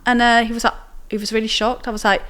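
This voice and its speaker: A woman's voice: a little high, little pitch movement, fast, a bit bright. A young woman from Italy, telling her story as a podcast guest in a chatty way, full of fillers. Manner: chatty, many fillers and acted quotes. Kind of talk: casual interview storytelling.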